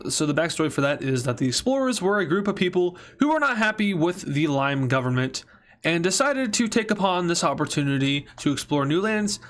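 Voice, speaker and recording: A man's voice: a little high, a bit bright. A man casually narrating a map series, rambling and joking, often correcting himself mid-sentence.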